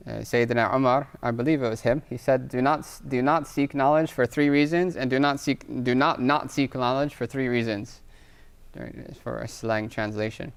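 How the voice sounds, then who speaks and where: Smooth-voiced man teaching Arabic grammar. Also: mid-range voice, steady tone, moderate pace. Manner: explanatory, checks in with frequent "right?"; reads Arabic phrases aloud. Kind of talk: live online class lecture with Q&A.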